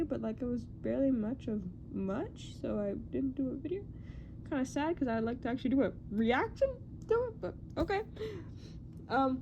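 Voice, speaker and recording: Young woman, casual vlog chat, excitable, rambling, self-deprecating, faint background noise. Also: sits high. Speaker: movie news YouTuber.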